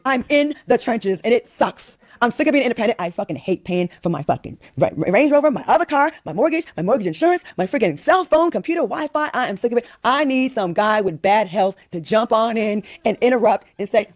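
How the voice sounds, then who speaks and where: Fast-ranting exasperated woman from Rhode Island. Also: a little high, no echo, clean studio sound. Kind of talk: venting on a talk show.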